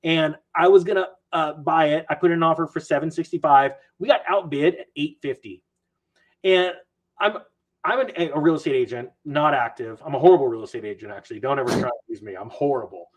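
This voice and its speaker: Male finance creator, podcast guest, expressive and self-deprecating, upbeat chatter. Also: on the high side, fairly quick, poor audio. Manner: animated storyteller, jokey and self-mocking. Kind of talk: casual podcast chat.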